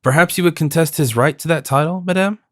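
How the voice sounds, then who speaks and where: A man voicing a cowardly, greedy fifty-year-old mercer in an audiobook, puffed up with pride and quick to panic. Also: a little high, no echo, studio quality, voice pushed up, natural voice. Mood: pompous. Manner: pompous, then nervous. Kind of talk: audiobook character voice.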